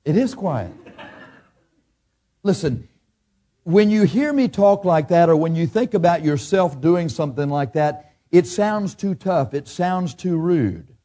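A preacher man delivering a sermon with blunt, emphatic force, his voice sitting a little high for a man yet mellow and warm in tone. He acts out people's excuses in a whiny put-on voice. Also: lively intonation, unhurried. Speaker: pastor.

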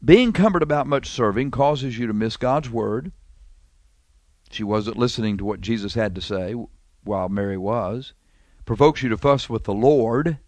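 A male preacher delivering a sermon in a mid-pitched voice. He talks animatedly, piling up rhetorical questions and slowing down to lean on key phrases. The recording is dry and close, with no room echo. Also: a little mellow.

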